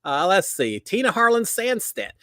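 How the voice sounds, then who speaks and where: A man's voice: high voice, normal speed, no room sound. A middle-aged man from Texas with a Texas drawl, hosting a live stream and chatting casually with viewers in a folksy way with lots of fillers. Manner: folksy, animated, warm greetings with many fillers. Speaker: live show host.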